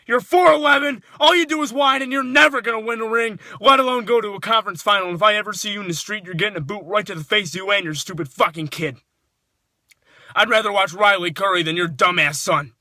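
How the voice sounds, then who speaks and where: A man with a very high, piercing voice tears into his targets in a furious, profanity-laced rant. He shouts through much of it, sounding sharp and tense, recorded very dry and close. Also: quick pace, dry recording. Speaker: sports fan. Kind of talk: angry rant to camera.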